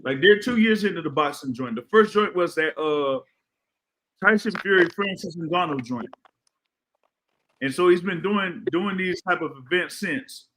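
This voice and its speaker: A man's voice: sits high, lively intonation, measured pace, fairly bright tone, a little hiss or hum, rough recording. A man co-hosting a casual talk show, explaining at length with lots of fillers. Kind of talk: casual chat.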